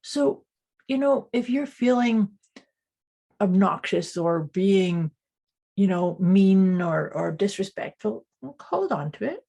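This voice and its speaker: Husky-voiced woman podcast co-host. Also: medium pitch, expressive, takes it slowly, dark tone. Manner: earnest and agreeable, backs up her co-host. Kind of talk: casual chat.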